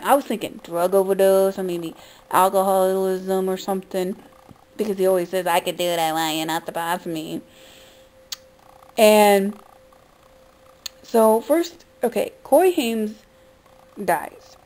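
Gravelly-voiced woman ranting, shocked. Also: mid-range voice, mellow, poor audio. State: upset. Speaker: vlogger. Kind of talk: emotional vlog rant.

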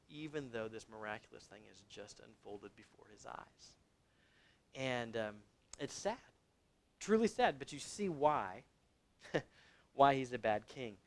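A man preaching a sermon to young adults, telling the story in a casual, conversational way with sudden loud exclamations. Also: sits high.

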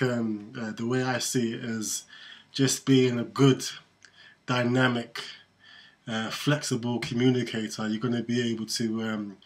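A man, a guest in a casual chat, talking in a relaxed way with frequent laughs and fillers. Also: mid-range voice. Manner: relaxed, laughing, lots of "you know". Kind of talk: casual discussion.

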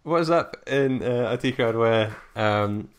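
A man's voice: medium pitch, unhurried. A man, co-hosting a film podcast, recapping the plot playfully and laughing easily. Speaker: podcast co-host. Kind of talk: casual film chat.

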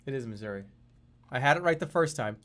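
A male streamer riffing over a map-guessing game, wildly expressive in his pitch as he jokes back at his chat. His voice sits at an ordinary, middle pitch. He talks casually and reacts loudly to what he sees. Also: fast. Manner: jokey, animated, talks to chat. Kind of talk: casual live-stream commentary.

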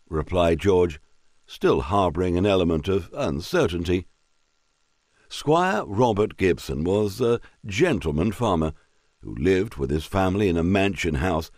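A man narrating a historical story in a measured, expressive storytelling manner. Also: sits low, no echo, studio quality.

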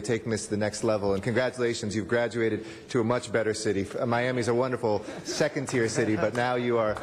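A man's voice: fairly low pitch, in a large hall. A man giving upbeat, joking congratulatory remarks at a council meeting, with Spanish phrases mixed in. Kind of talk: public speech at a council meeting. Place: city council chamber.

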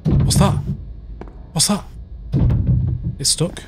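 A young man playing a horror game on video, panicky, swearing constantly and screaming. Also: drawn-out words. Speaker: gaming video host. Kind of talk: horror game let's play commentary. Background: game music.

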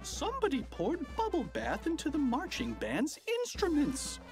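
A narrator voicing an indignant sports fan shouting from the stands. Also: high-pitched, huge pitch swings, normal speed, music in the background, voice pushed up, full character voice. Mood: outraged. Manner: loud, outraged shouting.

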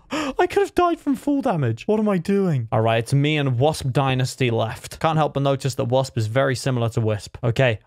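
A young man giving excited live commentary while he plays a video game. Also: no echo. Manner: excitable, pitch jumps sharply in tense fights. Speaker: gaming streamer.

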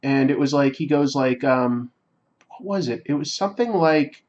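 A man's voice: mid-range voice, moderate pace, darkish tone. A man with an ordinary mid-range voice talks through a story on his livestream, reflective and a little rambling as he goes. The stream audio sounds somewhat dull and lo-fi. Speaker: livestream host. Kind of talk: casual storytelling while drawing on a livestream.

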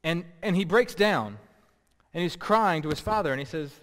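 A man's voice: on the high side, animated, normal speed, a bit bright. A man preaching a sermon as pastor, emphatic and repeating key words for stress. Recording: long reverb.

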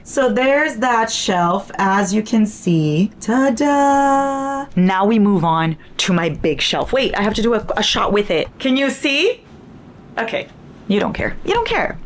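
A young woman chatting casually through a home bookshelf tour, self-mocking, with sudden excited squeals. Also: mid-range voice. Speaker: book vlogger.

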